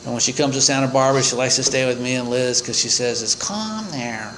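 A man in his sixties sharing a humorous personal story at a recovery meeting, animated and chuckling as he acts out his own reactions. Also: mid-range voice, quick pace, a little hiss or hum, rough recording.

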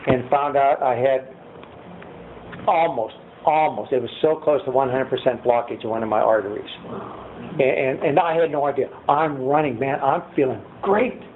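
A man's voice: mid-range voice, normal speed. An older man sharing his story at a recovery meeting from a podium, rambling and chuckling at himself. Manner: rambling, chuckling, self-deprecating. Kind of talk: personal testimony to a group. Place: meeting room, speaking at a podium. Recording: tinny lo-fi line with faint hiss.

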